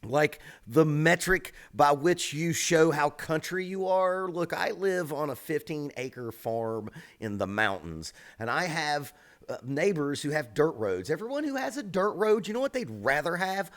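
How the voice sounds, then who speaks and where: A man, a drum teacher, giving casual, blunt reaction commentary on songs, swearing freely and stressing words with lively emphasis. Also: a little high, measured pace.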